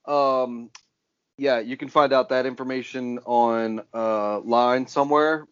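A man's voice: medium pitch, fairly even intonation, takes it slowly, clear, resonant tone, lo-fi sound. A man hosting a podcast in casual chat, loose, joking and profane. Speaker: podcast host.

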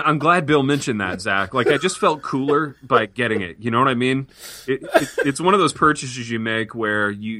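A man co-hosting a comedy podcast, riffing playfully in a deadpan mock-promotional way. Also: mid-range voice. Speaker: podcast co-host. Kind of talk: improvised comedy banter.

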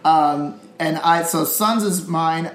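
A podcast co-host in casual chat, rambling quickly and swearing often. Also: medium pitch, crowd noise. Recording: echoey room, faint noise.

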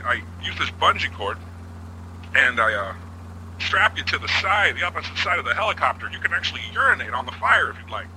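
A man's voice: a little high, bright, forceful tone, slight background noise, heavily acted, rough recording. A man putting on the voice of a chatty, bumbling male helicopter pilot who rambles and apologizes.

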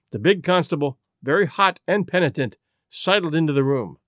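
A man narrating a detective story in an expressive, dramatic reading. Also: on the high side, moderate pace, dry recording, studio quality. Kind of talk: audiobook narration.

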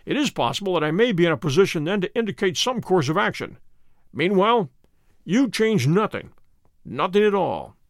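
Male reader's unhurried detective, assured, fairly high voice. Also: sing-song, no echo, clean studio sound. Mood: calm authority. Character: calm, commanding male detective.

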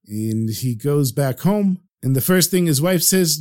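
A man's voice: unhurried, few pauses. A man telling a folk tale, narrating and jumping into the voices of the characters as he goes. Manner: animated, shifts pitch for each character. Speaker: storyteller. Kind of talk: storytelling with acted dialogue.

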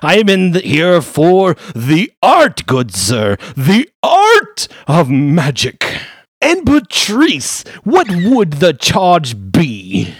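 A pompous wizard lawyer with a raised, lilting voice that swoops high and stretches out its flattery, as a man puts him on. He is fussy and effusive, and he sounds like a tabletop game character. The recording is dry and close. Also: extremely slow, slightly rough, no room sound, heavily acted. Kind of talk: tabletop role-play character voice.

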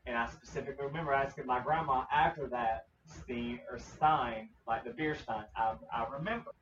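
A man's voice: medium pitch, quick pace, a bit bright. Man, casual talker, insistent, restarts often; roomy, off-mic, slightly dull sound. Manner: insistent, repeats himself. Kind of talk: casual chat. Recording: roomy, distant, dull sound with faint noise.

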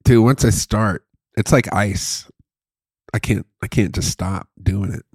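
A man's voice: lowish voice, unhurried, a little mellow, slightly rough, dry recording, studio quality. A man co-hosting a casual chat, joking and sliding into comic bits that he repeats. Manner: jokey, goes into comic bits and repeats them. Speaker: podcast co-host.

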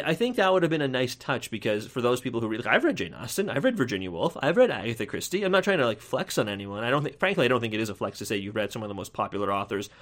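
A man in the middle pitch range talks through a movie review as a podcast host. His delivery is loose and chatty, full of restarts, and he keeps tagging his points with a quick "right?" His pitch leaps up now and then as he gets into an opinion. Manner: chatty, tags lines with "right?"; rambling, with restarts and sudden jumps in pitch.

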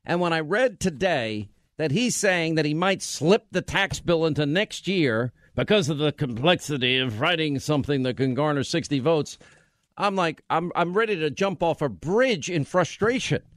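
A man hosting a talk radio show from a studio, ranting in a forceful, exasperated way into a studio mic. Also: a little high, animated, normal speed, dry recording. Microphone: studio microphone.

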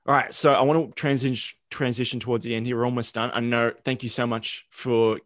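A man's voice: medium pitch, level tone, a little fast, a bit bright, no room sound, studio quality. A man hosting a podcast interview, curious and affirming, often restarting his questions. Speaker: podcast host. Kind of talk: casual interview chat.

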